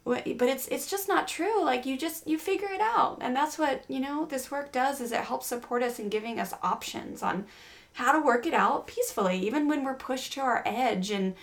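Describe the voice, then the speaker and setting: Speaking at a normal speed in a voice that sits high, a middle-aged podcast host shares a family story. The talk is casual parenting chat, loose and filled with fillers and restarts.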